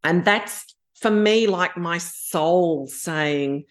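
Animated Australian woman in her fifties. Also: fairly low pitch, drawn-out words. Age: 50s. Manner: animated, acts out her own inner voices. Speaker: podcast guest. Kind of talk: candid conversational storytelling.

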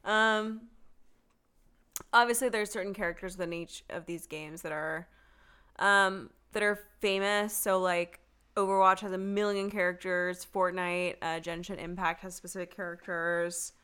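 A woman's voice: lowish voice, steady tone, a little slow, pushed and bright, smooth. A young adult woman co-hosting a podcast, chatting casually in a frank, joking way and swearing freely. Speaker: podcast co-host. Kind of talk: casual chat.

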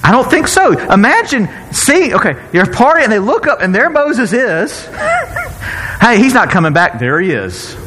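A pastor preaching a conversational sermon, acting out quotes and often chuckling. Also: male voice, sits high, big pitch swings, normal speed, few pauses, bright, forceful tone, big-room sound, slight background noise.

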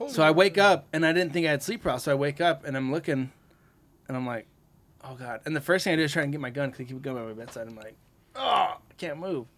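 Animated man telling a spooky story. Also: on the high side, very fast. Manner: animated storyteller, acts out quotes. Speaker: podcast host. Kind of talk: casual storytelling. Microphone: podcast mic in a garage.

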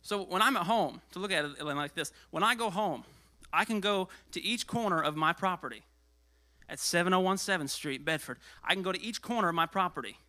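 A pastor preaching a sermon in an animated way, swinging between loud passages and hushed asides, and getting out of breath. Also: male voice, sits high, brisk.

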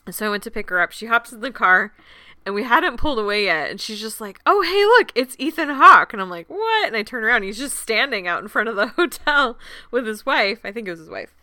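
A woman chatting casually, telling a lively story and laughing often as she quotes people. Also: medium pitch, fast, no room sound, studio quality. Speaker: film festival guest. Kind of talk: casual chat.

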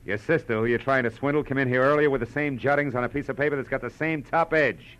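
A man's voice: medium pitch, fairly even intonation, fast, a bit bright, muffled recording, lightly acted. A man playing a world-weary, wisecracking male private detective in an old-time radio drama, also narrating the story. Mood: wry. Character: hard-boiled male private detective, wry, dry-witted. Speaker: narrator and lead. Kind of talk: 1940s radio acting.

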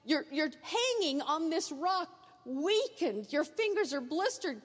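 A woman's voice: high voice, very animated, slow pace. A woman preaching a sermon, earnest, painting vivid pictures and speaking straight to her listeners. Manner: earnest, vivid second-person imagery. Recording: echoey hall reverb.

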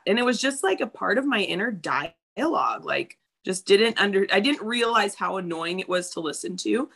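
Gravelly-voiced woman in candid chat. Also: medium pitch, expressive, brisk, hardly any pauses, a bit bright. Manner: candid, swearing freely, acts out quotes. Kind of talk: casual chat.

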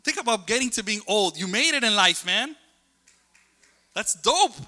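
A man preaching a sermon in a chatty, animated way, telling family stories and jumping between thoughts. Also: high voice, moderate pace, big-room sound.

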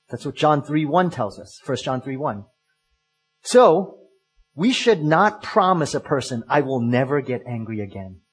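A male pastor giving an earnest, emphatic sermon, pausing and restarting as he works through his points. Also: mid-range voice, husky.

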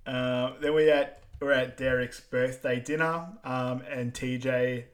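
A man's voice: mid-range voice, fairly even intonation, unhurried. A man co-hosting a podcast, recapping a film in an easygoing, hesitant way. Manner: easygoing, hesitant, many fillers and restarts. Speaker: podcast co-host. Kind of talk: casual film recap chat.

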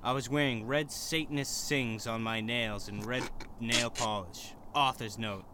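A man's voice: medium pitch, fairly even intonation, unhurried, heavy background noise. A man co-hosting a comedy podcast who reads fan fiction aloud with a wry, mocking tone and explains the jokes. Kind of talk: mocking reading aloud and banter.

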